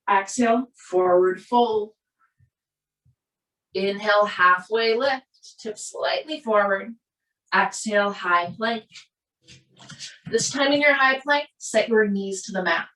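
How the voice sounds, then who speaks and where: A woman with a Minnesota accent leads a yoga class in calm, steady cues timed to the breath. Her voice sits a little high and comes from some way off the mic in a roomy, echoey space. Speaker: yoga instructor. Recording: roomy echo, voice from a distance.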